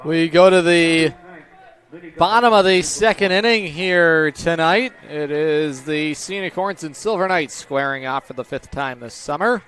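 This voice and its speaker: Upbeat male baseball play-by-play announcer. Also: fairly bright tone. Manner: brisk, upbeat call of each pitch. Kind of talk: live baseball commentary.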